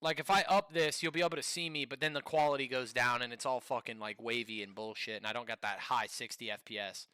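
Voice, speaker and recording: A man streaming live, commenting on a video in a profane, animated, rambling way. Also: mid-range voice, fast talker, hardly any pauses, clear, resonant tone, dry recording, studio quality.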